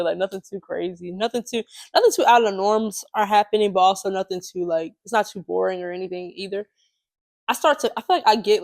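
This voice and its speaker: A woman's voice: mid-range voice, vocal fry. Chatty young woman telling a story. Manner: chatty, animated, laughs often, many fillers. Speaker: podcast co-host. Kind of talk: casual storytelling chat.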